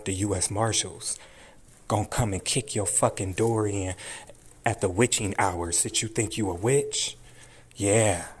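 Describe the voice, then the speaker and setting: A man's voice: fairly low pitch, husky. A man hosting a commentary video, ranting in a furious, profane and taunting way, repeating his threats over and over. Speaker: channel host.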